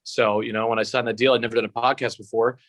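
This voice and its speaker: A man's voice: medium pitch, level tone, fast talker, a bit bright, no room sound. A young man telling stories as a guest over a video call, swearing freely and rambling. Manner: profane, rambling storytelling. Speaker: guest, sportscaster-style comedian.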